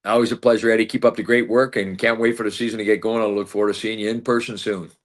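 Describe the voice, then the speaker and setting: A man's voice: fairly low pitch, level tone, quick pace. A man in his sixties, a former player and team broadcaster, telling stories in an interview with many fillers and acted-out quotes. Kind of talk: storytelling in an interview.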